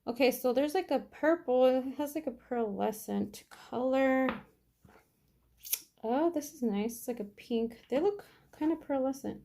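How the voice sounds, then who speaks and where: A woman's voice: high-pitched, animated, a little slow, vocal fry, warm tone. A young adult woman chatting casually at home while doing her own nails, thinking aloud, trailing off and correcting herself. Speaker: nail vlogger. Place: home, at her nail table.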